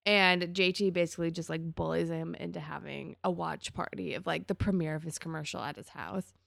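Chatty woman with a gravelly voice. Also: lowish voice, steady tone, a little fast, fairly bright tone, no echo, studio quality. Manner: chatty, gossipy, acts out characters' lines. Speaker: podcast host. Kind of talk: casual chat recapping a TV episode.

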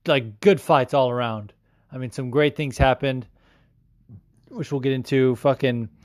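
A man's voice: mid-range voice, no echo. Young man, podcast host, loose and profane, jokey rambling chat, dry close sound. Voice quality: swears often, rambling and joking. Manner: loose, self-mocking, animated. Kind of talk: casual solo podcast talk about MMA.

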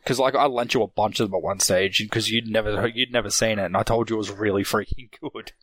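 A man chatting casually with a friend, animated and enthusiastic, with filler words and laughs. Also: fairly low pitch, quick pace. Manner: animated, enthusiastic fan talk. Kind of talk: casual chat.

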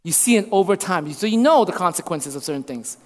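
A man's voice: high-pitched, expressive, brisk. A man in his thirties preaching a sermon as a pastor, repeating lines for emphasis. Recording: long reverb of a hall.

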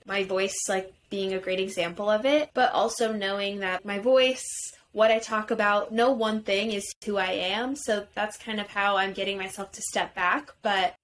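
A woman's voice: mid-range voice, a little hiss or hum. A young woman co-hosting a podcast, chatting casually and filling her talk with "like". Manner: peppers speech with "like". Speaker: podcast co-host. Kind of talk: casual chat.

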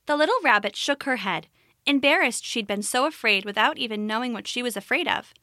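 A woman narrating a children's story in a gentle, expressive way. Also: fairly high pitch, a little fast, no room sound, clean studio sound.

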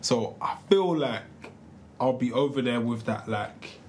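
A man's voice: medium pitch, animated, measured pace, darkish tone, a little hiss or hum. A young man, co-hosting a casual chat, telling stories animatedly with heavy slang and lots of fillers. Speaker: podcast co-host. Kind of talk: casual chat among friends.

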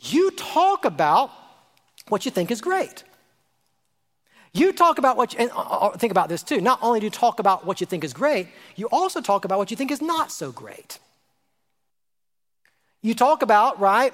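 Lively preacher in a reverberant hall. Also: male voice, very high-pitched, normal speed. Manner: lively, rhetorical, repeats phrases, asks the congregation questions. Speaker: pastor. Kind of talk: sermon. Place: church sanctuary.

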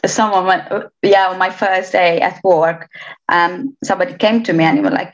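A woman's voice: lowish voice, fairly even intonation, moderate pace. Young romanian woman, chatty and hesitant, kinda muffled audio. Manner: chatty, hesitant restarts, laughs often. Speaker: interviewee. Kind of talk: casual interview chat. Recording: slightly dull lo-fi sound.

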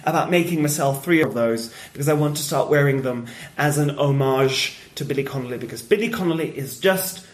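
A man who does stand-up, chatting casually on a podcast and telling stories with lively energy and frequent laughs. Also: mid-range voice, brisk, few pauses, roomy sound. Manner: animated storyteller, laughs often. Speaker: stand-up comedian.

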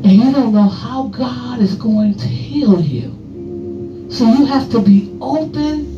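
High-voiced pastor, slow and echoey. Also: male voice. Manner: slow, drawn-out preaching that swells into sung phrases. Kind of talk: sermon. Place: church sanctuary. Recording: echoey, distant, dull church sound. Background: guitar music.

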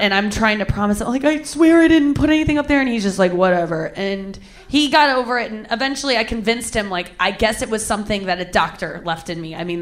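A woman's voice: mid-range voice, a bit bright. A young woman telling a crude personal story with candid, self-mocking humor, laughing often.

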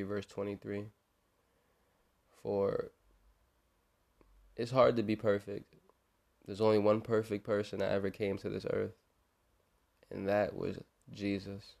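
A young podcast host with a low-ish, gravelly, darkish voice offers informal religious encouragement. He speaks earnestly about faith and forgiveness, often repeating his words.

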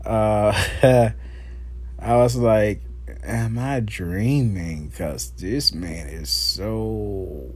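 A man hosting his own podcast, telling a rambling, profane story with lots of laughs and slow, drawn-out phrases. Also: medium pitch, a little mellow, a little hiss or hum. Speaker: podcast host. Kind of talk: casual solo podcast monologue.

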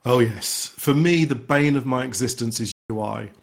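A man being interviewed on a podcast, talking with lively enthusiasm. He rambles, often restarts his sentences, and keeps coming back to encourage other developers. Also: mid-range voice, normal speed, creaky. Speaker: indie game developer guest.

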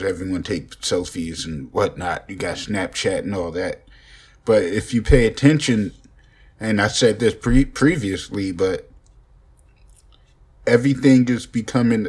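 A man's voice: fairly low pitch, a little mellow, husky. A young man rambling profanely and joking in a casual podcast monologue, recorded on a phone. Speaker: podcast host.

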